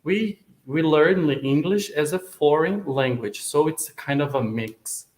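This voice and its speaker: A man with a Brazilian accent hosts a live stream at an unhurried pace. He speaks English as a second language and often restarts his words as he goes. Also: a little high, darkish tone. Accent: Brazilian Portuguese. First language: Portuguese. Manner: friendly, stumbling restarts.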